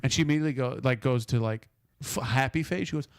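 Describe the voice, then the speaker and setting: A man's voice: mid-range voice, quick pace, vocal fry, no room sound. Laughing man telling a story, dry sound. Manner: rambling, laughing storyteller who acts out quotes. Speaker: podcast co-host. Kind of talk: casual storytelling chat.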